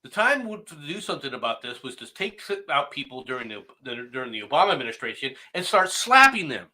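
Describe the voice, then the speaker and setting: Field. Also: male voice, mid-range voice, big pitch swings, quick pace. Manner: angry, sarcastic, mocking, often shouting. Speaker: political talk show host. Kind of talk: ranting political commentary.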